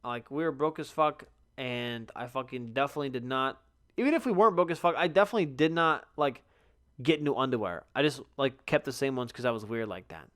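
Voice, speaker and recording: A young man hosting a solo podcast, telling stories in a profane, animated way, sometimes sleepy and yawning. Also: medium pitch, brisk. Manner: profane, animated storytelling with loud outbursts. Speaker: podcast host. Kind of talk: casual solo podcast monologue.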